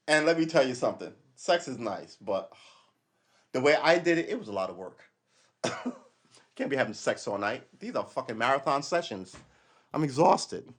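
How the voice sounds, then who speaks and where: With a husky, mid-range voice that's fairly bright and sing-song, a middle-aged man talks at normal speed and pauses often. He's a retired police officer hosting a casual livestream, blunt and foul-mouthed, quick to laugh and prone to restarting.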